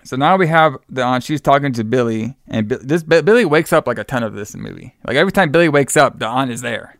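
Smooth-voiced man recapping a movie. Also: mid-range voice, animated, fast, fairly bright tone, no echo, clean studio sound. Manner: rambling, many fillers and restarts.

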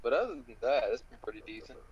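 A man's voice: medium pitch, expressive, quick pace, slightly rough. Offhand young man on dull, lo-fi audio. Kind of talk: casual chat. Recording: dull lo-fi sound.

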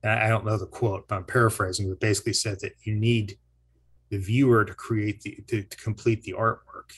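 A man with a fairly low, husky voice tells local history and folklore in a loose, conversational way. He wanders, backtracks and corrects himself mid-sentence, and chuckles between points. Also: level tone, a little fast, a bit bright. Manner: rambling, self-correcting, chuckles often. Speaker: historian and teacher. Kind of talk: casual interview storytelling.

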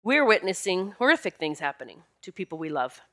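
Her voice sits on the low side with big pitch swings, moving a little fast in a pushed, bright way. This vlogger delivers a casual monologue to camera, talking emphatically to viewers and repeating herself to underline points.

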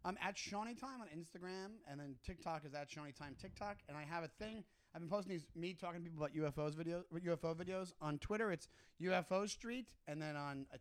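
A man's voice: on the high side, smooth. A man co-hosting a podcast, chatting casually and acting out the lines of people in his stories. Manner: animated storyteller acting out quotes. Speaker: podcast co-host. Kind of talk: casual chat.

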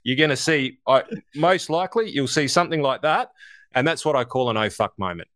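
Animated man talking markets. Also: mid-range voice, a little fast, no room sound, clean studio sound. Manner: animated, swears casually, addresses listeners directly. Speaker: co-host. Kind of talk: casual market commentary.

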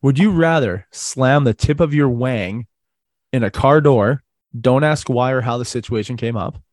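A man's voice: medium pitch, normal speed, a little mellow, no room sound, clean studio sound. A man hosting a podcast, teasing his guest and laying out crude hypothetical questions with frequent laughter. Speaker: podcast host. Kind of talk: casual podcast chat.

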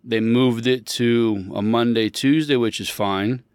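A man of middling pitch hosts a casual show and tells a long, rambling story. He stops to fix his own words and gets emphatic when he makes his point. The recording is dry, with no room sound. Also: measured pace, smooth, dry recording. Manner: rambling, self-correcting; animated, emphatic when riled up.

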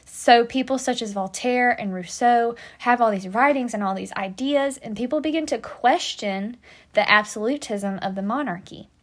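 A chatty young American woman hosts a history podcast, talking in a casual, joking way with plenty of playful asides. Her voice sits a little higher than most. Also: moderate pace. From United States. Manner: chatty, joking asides, southern-tinged "y'all". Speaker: podcast host.

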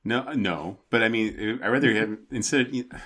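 Low-voiced man, jokey podcast banter. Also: fairly quick, a bit bright. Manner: jokey, pop-culture asides. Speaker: podcast co-host.

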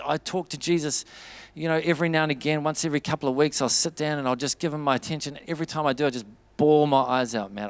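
A man preaching a sermon, telling a story with quoted dialogue and building to fervent urging. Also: a little high.

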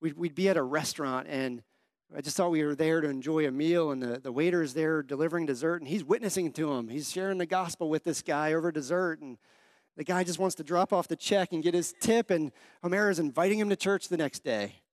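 A young male pastor gives a conversational sermon in a fairly high, bright voice. He tells stories and asks his listeners questions. The sound is dry and close, with hardly any room echo. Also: fairly quick.

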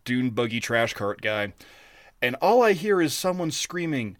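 A man co-hosting a casual podcast and telling an animated story. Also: medium pitch, unhurried, dry recording, studio quality. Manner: animated storyteller, acts out quotes. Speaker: podcast co-host.

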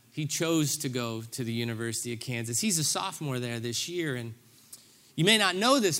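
A man's voice: mid-range voice, sharp tone. A middle-aged man preaching a sermon, telling a story with self-deprecating humor and acting out his own reactions. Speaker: pastor.

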